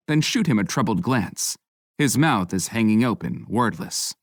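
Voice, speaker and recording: A man narrating a romance audiobook in a low, intimate, measured voice. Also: animated, no echo. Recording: dry close studio mic.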